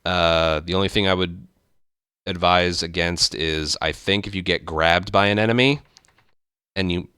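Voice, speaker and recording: A man hosting a speedrun tutorial, explaining step by step in relaxed casual game commentary. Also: sits low, unhurried, clean tone, dry recording, studio quality.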